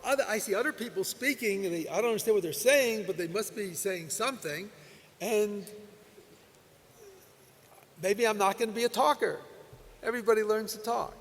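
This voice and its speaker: High-voiced older rabbi in echoing hall. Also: male voice, normal speed, long pauses, a little hiss or hum. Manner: folksy storytelling with soft laughs. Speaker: rabbi speaker. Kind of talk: Torah lecture. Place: convention hall. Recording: long hall reverb.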